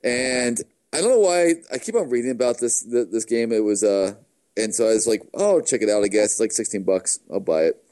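A man's voice: mid-range voice, brisk, warm tone. Easygoing man meandering through game talk. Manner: easygoing, meandering, self-correcting. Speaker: podcast co-host. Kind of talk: casual gaming chat.

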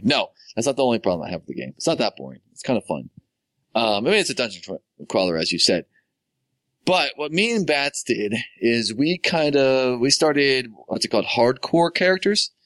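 A man's voice: mid-range voice, sing-song, moderate pace, a bit bright, dry recording. A man co-hosting a casual gaming podcast, playful and rambling. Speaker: podcast co-host. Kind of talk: casual chat.

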